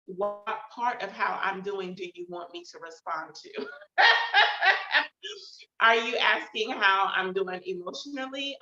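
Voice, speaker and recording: Bright-voiced woman chatting reflectively. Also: medium pitch. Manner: chatty and reflective, many fillers. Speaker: host. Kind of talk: casual personal check-in talk. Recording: roomy, slightly dull sound.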